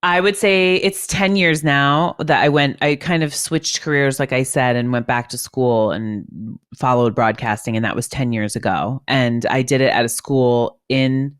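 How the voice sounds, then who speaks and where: A woman's voice: a bass voice, a little slow, clean tone, dry recording. Chatty woman radio host, dry sound. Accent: none, trained neutral broadcast speech. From East Coast of the US. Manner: chatty and animated, laughs often, trained broadcaster delivery. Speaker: radio host, podcast guest. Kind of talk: casual podcast conversation.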